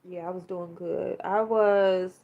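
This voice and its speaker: Speaking slowly and steadily in a voice on the low side, this podcast host is a woman in her 40s. Her talk is candid, emotional and profane, full of fillers, captured on a slightly dull lo-fi recording.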